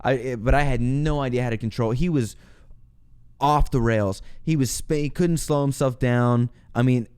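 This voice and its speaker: Smooth-voiced young man telling a wild story. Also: medium pitch, normal speed. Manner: animated, swearing, laughing storyteller who acts out quotes. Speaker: podcast host. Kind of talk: casual storytelling monologue.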